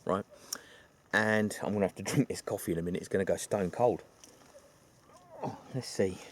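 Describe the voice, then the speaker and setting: A man's voice: sits low, normal speed, a little hiss or hum. A man retelling a film plot in a rambling, chatty way, full of asides. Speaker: film reviewer.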